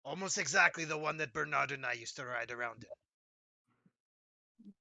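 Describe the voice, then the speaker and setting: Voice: medium pitch, measured pace, creaky, bright, forceful tone, no echo, full character voice. A game master voicing a generous, fond craftsman who reassures the adventurers in a tabletop game. The voice stays close to the game master's own. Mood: reassuring. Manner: fond and reassuring, soothing the party. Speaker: non-player character voiced by the game master.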